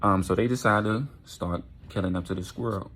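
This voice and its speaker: A man telling a dark story in a casual, animated storytime manner, profane and often asking "right?". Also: on the low side, brisk, slight background noise.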